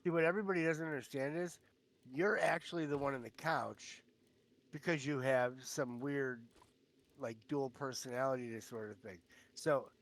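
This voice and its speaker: A man's voice: medium pitch, moderate pace, a bit bright. A man chatting casually while gaming, rambling and teasing his friend with lots of filler words over voice chat. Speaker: streamer. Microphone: online voice chat.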